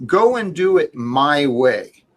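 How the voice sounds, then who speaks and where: A man in a tense argument, firm and placating, lecturing the other side to calm down. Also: on the high side, takes it slowly, low-quality recording. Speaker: guest in a heated debate. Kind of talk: argument, trying to calm things.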